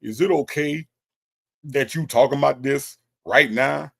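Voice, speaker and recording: A man hosting a live show, teasing and animated, repeating words in rapid bursts as he reacts to a call recording. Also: mid-range voice, gravelly, husky. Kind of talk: mocking commentary on a call recording.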